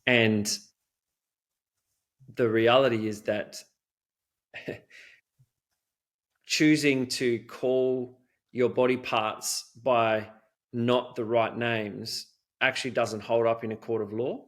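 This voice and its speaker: In this recording a man of middle age speaks at an ordinary pitch, in an earnest, loose conversational way. He strings thoughts together with frequent "you know"s and restarts, as an interview guest explaining his work. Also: steady tone, slow pace, pauses often. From Australia. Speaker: guest expert on child safety.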